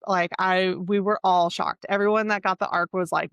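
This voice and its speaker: A woman's voice: fairly low pitch, fairly even intonation, a little fast, few pauses, a bit bright, smooth, no room sound. A woman co-hosting a podcast, talking casually about books, stopping often to search for the right word. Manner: chatty, searches for words, many fillers. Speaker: podcast co-host. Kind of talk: casual book chat.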